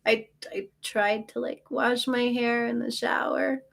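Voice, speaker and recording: A woman's voice: on the high side, flat delivery, a little slow, creaky, few pauses, a bit bright. A tired woman hosting a spiritual livestream, chatting casually and answering viewer comments in a reassuring way.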